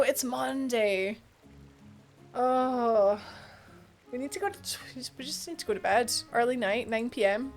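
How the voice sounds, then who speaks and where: Sleepy high-voiced woman streamer. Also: moderate pace, vocal fry, faint music behind. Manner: playful, baby talk to a pet. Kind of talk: casual chat while gaming.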